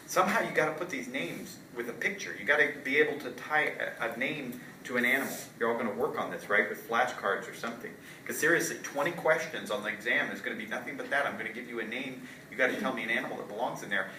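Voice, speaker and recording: A man's voice: mid-range voice, fast talker, pushed and bright. Man lecturing in an echoey hall. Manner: casual, quizzing students with frequent "right?". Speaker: college zoology lecturer. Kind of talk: classroom lecture. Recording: roomy lecture hall from far off, light noise.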